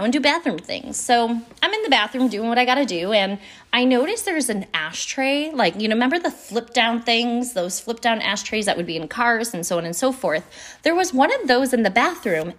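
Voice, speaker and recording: A woman's voice: on the high side, a bit bright. A woman hosting a podcast, telling a personal story in a chatty way, with frank asides and mild swearing. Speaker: podcast host.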